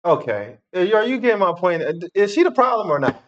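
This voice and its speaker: A man with a high voice rattles off rapid, incredulous questions as a reaction host. The recording sounds dull and lo-fi. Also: sing-song, fairly bright tone. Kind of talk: reaction commentary.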